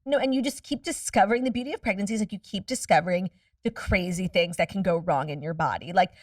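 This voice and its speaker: A woman's voice: mid-range voice, dry recording. Woman, podcast guest, blunt and swearing, dry room, mic a bit far off. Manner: candid, profane, rapid storytelling. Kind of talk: casual podcast chat.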